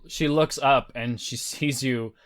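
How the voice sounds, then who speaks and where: A man running a tabletop game as game master, describing scenes in detail. He teases his players now and then. His voice sits at an ordinary middle pitch. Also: steady tone, slow, fairly bright tone.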